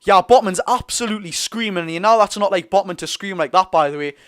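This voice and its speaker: Excitable Geordie man doing fan commentary. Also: high voice, quick pace, clean tone. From North East England. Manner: excitable, chatty, bursts into loud reactions. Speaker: streamer hosting a football watch-along.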